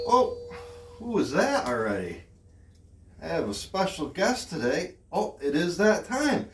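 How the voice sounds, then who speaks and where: A man hosting a children's storytime, gentle and friendly, chatting with his guest. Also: fairly high pitch, big pitch swings, a little slow. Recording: roomy, distant mic with faint background.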